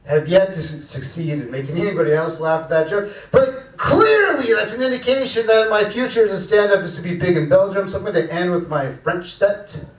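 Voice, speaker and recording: A man performing a slow, deadpan stand-up set in a small cafe room. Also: high-pitched, recorded from a distance. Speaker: stand-up comedian. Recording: echoey room, mic heard from afar.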